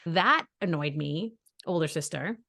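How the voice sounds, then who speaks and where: A woman co-hosting a casual podcast. She is a mother and talks bluntly, giving animated opinions and telling stories. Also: sits low, unhurried, vocal fry. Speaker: podcast co-host. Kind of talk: casual chat.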